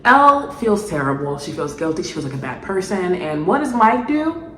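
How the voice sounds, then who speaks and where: A woman rants through a commentary vlog in a fairly low voice, sarcastic and exasperated, swinging between loud outbursts and muttered asides. She is recorded in an echoey room with a faint hum of ambience behind her. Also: big pitch swings, moderate pace. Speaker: video essayist.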